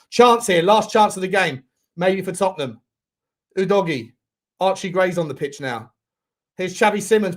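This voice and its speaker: Excitable man shouting through a football watchalong. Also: fairly high pitch. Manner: excitable, shouts at players, swears a lot. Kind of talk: live football watchalong commentary.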